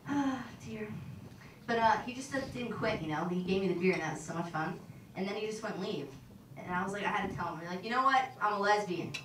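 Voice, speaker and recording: A young woman doing a stand-up comedy set on a club stage, talking in an awkward, deadpan, self-deprecating way. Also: medium pitch, brisk. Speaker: stand-up comic. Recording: echoey room from far off, noisy.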